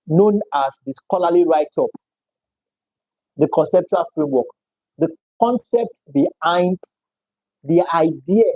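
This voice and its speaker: A man gives a university lecture with a very mellow, dark tone and a slightly raised pitch. He repeats his points and keeps checking in with "all right?". The sound is dry and close to the mic. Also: no echo, rough recording. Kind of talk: live-streamed economics lecture.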